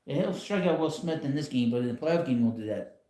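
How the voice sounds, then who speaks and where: A man's voice: medium pitch, animated, quick pace, mellow, roomy sound. A man hosting a casual live stream from home, talking in a rambling, blunt way with frequent chuckles. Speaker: channel host. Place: home, in a rocking chair.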